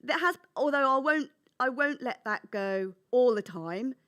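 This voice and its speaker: Woman, from England, author, high voice, very lively pitch, animated storyteller. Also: measured pace, clear, resonant tone. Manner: animated storyteller, acts out her younger self. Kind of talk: conversational interview.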